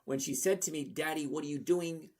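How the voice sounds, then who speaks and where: He's a trading channel host in his sixties, chatting casually on a livestream as he reads viewers' comments, blunt and rambling. The voice is fairly high and a little mellow, and he talks briskly.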